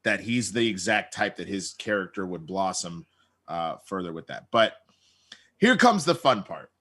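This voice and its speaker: A man on a podcast, recapping an episode in an animated way and acting out characters' lines. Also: low-pitched, moderate pace. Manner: acts out quoted lines in lively voices. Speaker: podcast co-host.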